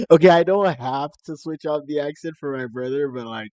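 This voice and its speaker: A young Nigerian man puts on a generic American-Canadian accent while chatting casually on a live stream, often laughing at himself between remarks. His voice sits on the high side with a darkish tone and a moderate pace. The recording is dry.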